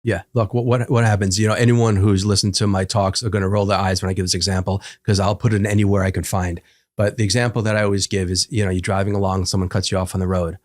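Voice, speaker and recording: A man in a podcast conversation, explaining calmly as a psychologist and acting out little quoted voices with humor. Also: low voice, quick pace. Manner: animated teacher, acts out quotes, jokes. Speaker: psychologist guest.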